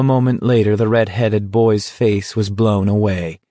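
Low-voiced male audiobook narrator. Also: steady tone, moderate pace, hardly any pauses, mellow, no room sound.

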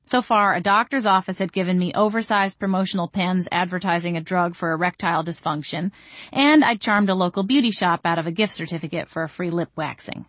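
A woman narrating a first-person audiobook with a wry, deadpan delivery. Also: fairly low pitch, a little fast, dry recording.

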